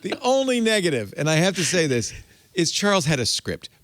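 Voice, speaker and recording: A man's voice: on the high side, brisk, dry recording. A man in his sixties from the United States hosting a tech podcast, chatting and telling stories. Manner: chatty, storytelling, animated. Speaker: host. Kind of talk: tech podcast panel chat.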